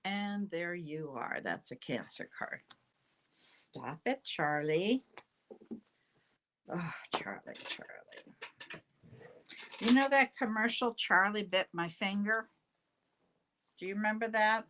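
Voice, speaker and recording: A woman's voice: medium pitch, lively intonation, a little slow, fairly bright tone. An older woman hosting a casual live tarot reading, chatty and rambling, often breaking off mid-sentence. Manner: chatty, rambling, self-interrupting. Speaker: tarot reader, show host.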